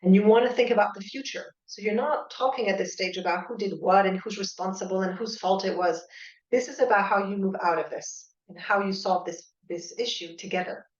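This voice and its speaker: A woman coach giving a calm, explanatory conference talk to an audience in a school hall. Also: medium pitch, a little fast. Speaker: divorce and separation coach. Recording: echoey hall, slightly dull sound.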